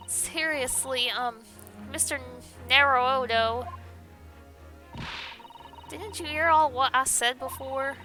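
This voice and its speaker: A woman's voice: high voice, slow pace, long pauses, music in the background. A woman voicing a defiant young pickpocket, sneering and scoffing. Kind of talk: game dialogue read aloud.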